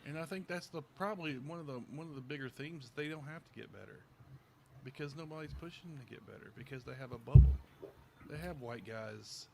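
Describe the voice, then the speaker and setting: A man co-hosting a casual podcast, loose and profane, swinging between sarcasm and heat as he talks. His voice sits at an ordinary middle pitch. There is a faint hiss of background noise behind him. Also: fairly quick, gravelly. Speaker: podcast host.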